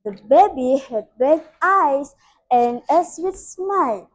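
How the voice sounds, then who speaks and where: A woman's voice: high-pitched, expressive, slow pace, rough recording. A young woman with an Indonesian accent, a student reading a fairy tale aloud carefully, with small slips. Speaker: student storyteller.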